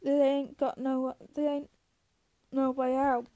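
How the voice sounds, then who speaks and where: A woman's voice: sits high, monotone, takes it slowly, warm tone. A woman reading aloud voices a hardened male ranch hand who speaks bluntly and grimly. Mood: urgent.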